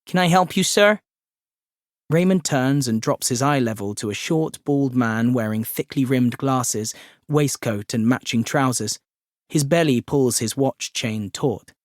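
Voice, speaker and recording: Male audiobook narrator, measured mid-pitch delivery, dry booth sound. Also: darkish tone, no room sound. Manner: measured, descriptive. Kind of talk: scripted narration.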